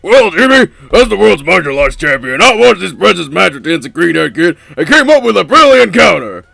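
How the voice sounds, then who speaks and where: Mister Satan, a man putting on a gravelly high boastful champ. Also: sing-song, fairly quick, sharp tone, no room sound, heavily acted. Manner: pompous, self-important. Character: boastful loud adult male martial arts champion. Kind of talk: cartoon parody voice.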